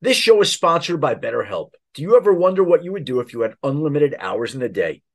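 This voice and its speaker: A man reading a sponsor advertisement on a podcast, smooth and measured. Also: a little high, very animated. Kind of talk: read advertisement.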